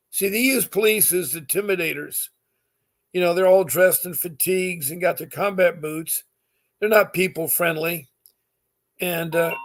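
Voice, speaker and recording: A middle-aged man talking straight to his viewers, giving earnest, insistent advice that repeats its points, with many fillers. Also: high voice. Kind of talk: direct-to-camera advice talk.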